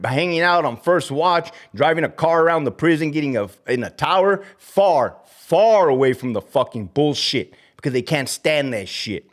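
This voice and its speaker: A man's voice: fairly high pitch, expressive, normal speed, a bit bright. A middle-aged man hosting a livestream, ranting about his former job with profanity and Spanish slang while answering chat. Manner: profane, fired-up, mocking, peppered with Spanish slang. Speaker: livestream host, former corrections officer. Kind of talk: heated livestream rant reading chat comments.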